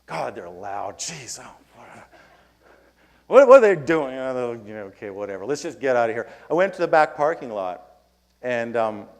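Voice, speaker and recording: Speaking at normal speed in a mid-range voice, this man delivers a conference keynote before an audience in a hall. He tells a story and raises his voice to act out his own lines.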